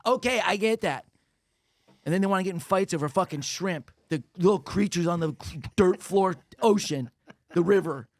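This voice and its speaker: A man with a slightly raised, gravelly voice spins a story in a loose podcast hang. He bounces between his own telling and animated impressions of the people involved. The sound is dry and close, with no room in it. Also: normal speed, no echo. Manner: animated, acts out quotes with big pitch jumps. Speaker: podcast co-host, comedian. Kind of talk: casual storytelling chat. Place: podcast studio.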